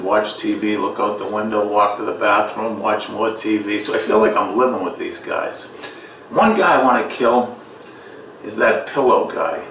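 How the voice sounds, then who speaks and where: A man with a Boston accent doing a sarcastic stand-up comedy routine. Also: on the low side. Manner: sarcastic, deadpan delivery with loud mock voices. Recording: echoey room, distant mic, faint noise.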